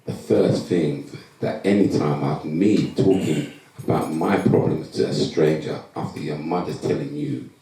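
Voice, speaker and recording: A man's voice: a bass voice, a little slow. A man, a former professional footballer, telling his life story to a live audience and acting out the conversations in it. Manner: animated storytelling, acting out quoted exchanges. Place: event hall. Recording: echoey hall, distant mic.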